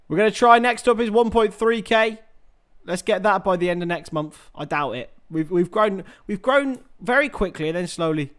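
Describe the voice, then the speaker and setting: A young man hosting a live football watchalong, chatting with viewers, swearing freely and shouting at big chances. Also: high-pitched, lively intonation, moderate pace, clean tone. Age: young adult. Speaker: watchalong host.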